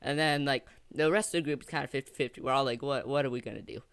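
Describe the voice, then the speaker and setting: Chatty young man with a smooth voice. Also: mid-range voice, quick pace, no room sound, studio quality. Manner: rambling, excitable storytelling with many fillers. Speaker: gaming channel host. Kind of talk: story time narration over gameplay.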